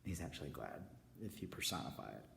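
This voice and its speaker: A man giving a rambling spiritual confession, slipping between hushed whispers and loud declarations, recorded in a stairwell. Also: very deep voice, sing-song, fast, creaky, a little hiss or hum. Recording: echoey stairwell with long reverb.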